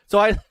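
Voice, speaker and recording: A man's voice: a bit bright, no room sound. A man hosting a casual gaming podcast from his home basement, laughing often and getting flustered. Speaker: podcast host.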